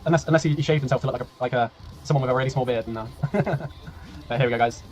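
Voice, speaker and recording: A man casting a strategy game tournament on a live stream, chatty and laughing, with a tiring voice that he keeps clearing. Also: mid-range voice, fast, muffled recording, slight background noise. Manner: chatty, laughing, rambling, swears, reads chat aloud. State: voice tiring, clearing throat often. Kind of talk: casual live-stream commentary.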